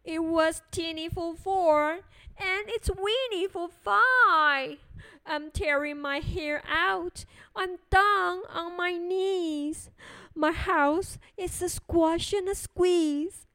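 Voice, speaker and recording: A woman voicing a fretful little old lady who pleads and complains in a drawn-out sing-song. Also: very high voice, bright, forceful tone, dry recording, clean studio sound, pitched above the performer's own voice, exaggerated voice. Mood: pleading, fretful.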